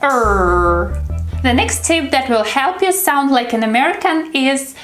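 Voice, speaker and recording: Woman, high voice, teacher, patient pronunciation drills, roomy echo, light music behind. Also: animated. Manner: slow, deliberate modeling of sounds. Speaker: English teacher. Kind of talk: scripted pronunciation lesson. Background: faint background music.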